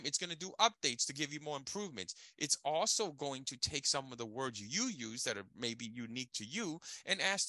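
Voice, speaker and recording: A man's voice: a little high, no room sound. A man leading a casual tech training session, emphatic and checking in with listeners. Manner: animated, emphatic, checks in with "okay?". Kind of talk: casual teaching chat.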